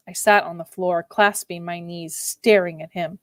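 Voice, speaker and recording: A woman giving an expressive, measured dramatic reading of a classic novel as a first-person narrator. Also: on the low side, dry recording. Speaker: reader.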